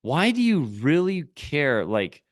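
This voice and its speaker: A business coach talks straight to camera in a lively, animated voice that sits a little high for a man. He urges his viewers on and keeps asking rhetorical questions. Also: takes it slowly. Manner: animated, urging, asks many rhetorical questions. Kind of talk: direct-to-camera coaching talk.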